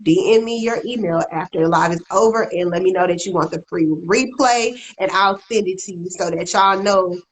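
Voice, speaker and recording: A woman's voice: fairly low pitch, moderate pace, hardly any pauses, slight background noise, poor audio. A woman hosting a live stream, hyped and chatty, talking straight to her viewers. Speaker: host.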